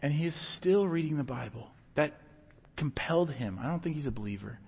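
A man preaching a sermon as pastor, telling personal stories in an earnest, animated way with bursts of loud emphasis. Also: a little high, a little fast, vocal fry, husky. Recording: long hall reverb.

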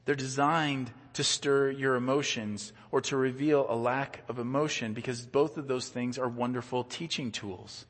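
A man's voice: medium pitch, a bit bright. A man preaching a sermon as a pastor in a church, earnest and conversational, often repeating words as he goes. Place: church sanctuary. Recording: long church reverb.

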